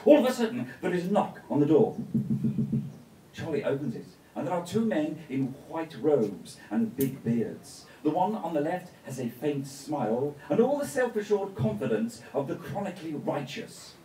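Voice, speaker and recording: On a festival stage, a male storyteller performs a tale live, playful and full of joking asides. His voice is a little high and mellow, with big pitch swings at a moderate pace. A distant mic in a roomy venue picks him up along with a little hiss or hum.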